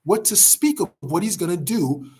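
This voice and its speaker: Husky-voiced man telling an epic tale. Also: sits high, lively intonation, a little mellow. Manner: dramatic, emphatic retelling with pauses. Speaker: teacher. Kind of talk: storytelling lesson.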